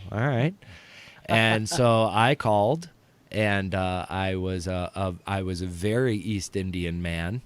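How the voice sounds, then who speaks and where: A man's voice: on the low side, clear, resonant tone. A man, a guest on a talk show, telling crude stories in casual chat with laughter, profanity and many restarts.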